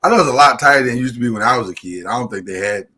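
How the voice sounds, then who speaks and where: A man's voice: mid-range voice, racing, slightly rough. A man co-hosting a podcast, telling a story in casual chat and acting out the people in it. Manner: animated storytelling, acts out quotes. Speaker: podcast co-host.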